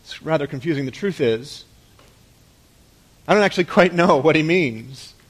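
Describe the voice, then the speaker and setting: Man preaching, slightly high voice. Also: expressive, moderate pace, breathy edge. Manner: conversational preaching with rhetorical questions and soft drops at phrase ends. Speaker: pastor. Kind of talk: sermon.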